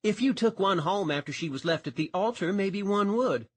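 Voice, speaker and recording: A male narrator voicing a brisk, teasing woman who works the desk at a sheriff's office. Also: mid-range voice, animated, husky, no echo, voice pushed up. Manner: teasing, sharp-tongued.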